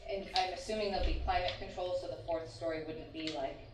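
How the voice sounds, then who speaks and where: A woman's voice: on the low side, fairly even intonation, quick pace, background noise. A woman on a committee raising concerns at a public meeting, hesitant and full of ums. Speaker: committee member. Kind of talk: meeting discussion. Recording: echoey room, far from mic.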